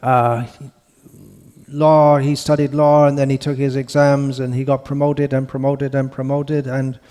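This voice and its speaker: A man delivering a religious lecture in a mellow, warm-toned voice. He talks unhurriedly and rambles, often restarting his sentences and pausing on fillers. His pitch sits in an ordinary middle range for a man. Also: level tone. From India. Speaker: monk lecturer. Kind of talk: scriptural lecture.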